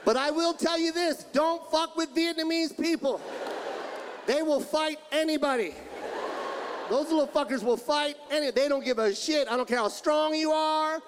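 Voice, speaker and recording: A man performing a stand-up comedy routine on a club stage, with a loud, punchy, exaggerated delivery. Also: very high-pitched, normal speed. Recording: stand-up clip, loud crowd and noise.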